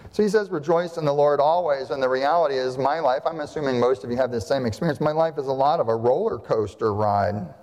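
A man's voice: medium pitch, fairly quick, hardly any pauses, a little mellow. A male pastor delivering a sermon to his congregation, emphatic, with rhetorical questions and repeated phrases. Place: church sanctuary. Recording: long hall reverb.

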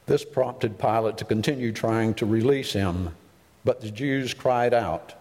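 A man reading scripture aloud as a lector, in a formal, measured way, in a reverberant hall. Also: lowish voice, a little mellow.

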